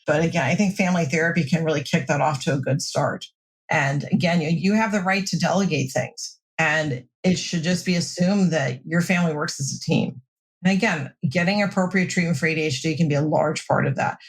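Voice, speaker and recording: Woman counselor giving calm advice. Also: deep voice, a little fast. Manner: steady, reassuring advice-giving. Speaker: mental health counselor guest. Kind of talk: podcast interview advice.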